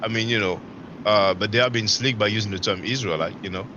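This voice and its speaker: A man's voice: lowish voice, quick pace, lo-fi sound, background noise. A man hosting a live online panel, rambling in casual commentary with many fillers and mocking quotes of others. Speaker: livestream panel host.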